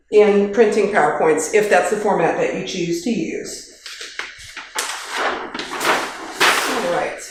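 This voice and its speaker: A woman's voice: a little high, a little hiss or hum. A woman gives a casual workplace training talk, practical and chatty, with light joking asides. She speaks into a handheld microphone. Her voice rings around a very echoey kitchen.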